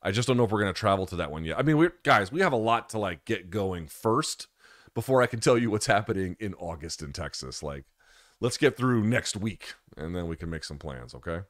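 Male stream host, low voice, dry close sound, candid and profane, off-the-cuff. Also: lively intonation, a little fast, dry recording. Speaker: host answering viewer questions. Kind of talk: casual live-stream chat.

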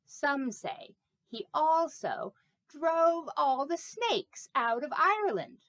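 A woman's voice: high voice, big pitch swings, takes it slowly, fairly bright tone, no room sound, heavily acted. A woman voicing a vain, chatty, silly snake puppet in a children's sermon, talking playfully with rambling asides. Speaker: pastor.

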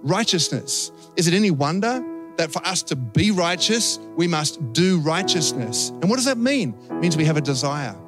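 A man's voice: a little high, moderate pace, over music. A man with an Australian accent, a pastor preaching a sermon and telling a story with acted-out voices. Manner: animated storytelling, acting out voices.

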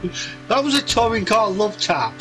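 A man's voice: sits high, sing-song, moderate pace, over loud music, poor audio. A man chatting while gaming with friends, jokey and chatty, swearing freely. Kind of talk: casual gaming chat.

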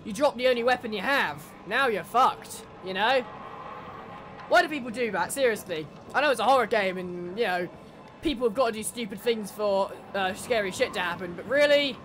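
A woman's voice: mid-range voice, lively intonation, moderate pace, fairly bright tone, soft background music. A woman commentating her horror game playthrough, sarcastic, swearing and laughing at the characters. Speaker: gamer. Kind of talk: let's play commentary.

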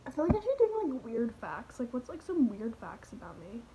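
A woman's voice: on the high side, huge pitch swings, a little fast, mellow, low-quality recording. A teenage girl rambling through a parody vlog in her bedroom, full of fillers and drifting into whispers. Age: teens. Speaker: vlogger.

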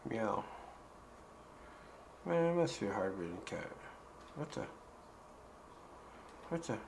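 A man's voice: lowish voice, sing-song, unhurried, vocal fry, background noise. Joking man playing a video game. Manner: joking, talks back to game characters. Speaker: gaming YouTuber. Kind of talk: casual let's-play commentary.

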